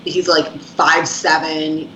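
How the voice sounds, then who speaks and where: A woman's voice: deep voice, flat delivery, takes it slowly, pushed and bright, slight background noise. A woman guest on a podcast, telling wry stories in a chatty way. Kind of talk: casual chat. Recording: roomy echo.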